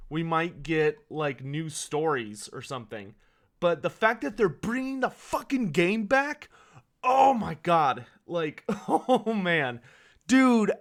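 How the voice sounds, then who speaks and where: A male streamer talking live from his desk at home, his voice sitting high. He is excitable and swears freely, breaking into shouts and laughter.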